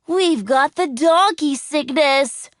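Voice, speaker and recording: Woman as cheeky storybook schoolboy: coaxing, persuasive, slow. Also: high voice, no echo, clean studio sound, pitched above the performer's own voice. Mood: worried. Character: playful, lazy schoolboy troublemaker.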